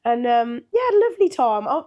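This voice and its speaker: A woman's voice: on the high side, very animated, fast, mellow. An older woman, a podcast co-host, telling a story in casual chat with a chatty manner, laughing often and acting out what people said.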